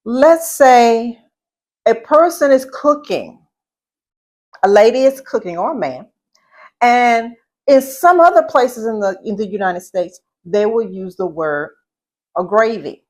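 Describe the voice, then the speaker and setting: A middle-aged woman from Southeast Louisiana with a Southern accent, teaching etiquette and speech in a deliberate way, repeating points and asking the listener questions. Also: on the high side, expressive, darkish tone. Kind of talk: instructional talk.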